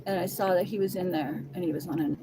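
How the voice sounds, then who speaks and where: A woman's voice: on the low side, steady tone, quick pace. A woman telling a personal testimony in an emotional first-person way, blunt and heavily profane. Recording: noisy background.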